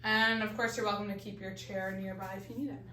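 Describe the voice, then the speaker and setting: A woman's voice: mid-range voice, flat delivery, brisk, bright, forceful tone, distant mic, slight background noise. A woman leading a balance exercise class, counting reps and giving coaching cues, a little out of breath. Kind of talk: live fitness class instruction. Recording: echoey room, voice off-mic.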